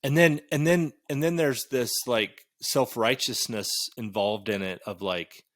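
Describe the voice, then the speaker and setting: A man hosting a podcast, talking in an animated, emphatic way and swearing casually. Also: medium pitch, a little slow, no echo, studio quality. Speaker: podcast host.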